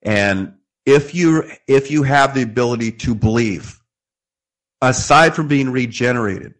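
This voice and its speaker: A man's voice: medium pitch, a little slow. A man earnestly explaining scripture in a theological discussion, quoting verses as he goes.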